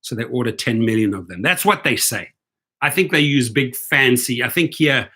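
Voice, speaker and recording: A man's voice: medium pitch, moderate pace, fairly bright tone. A man hosting a rideshare commentary stream, sarcastic and heated as he reads and rants. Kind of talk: live-stream rant.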